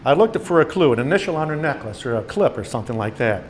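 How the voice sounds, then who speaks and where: In a meeting-room presentation, a male author in his sixties reads from his memoir, giving animated voice to the quoted lines. His mid-range voice moves fast, with slight background noise behind it.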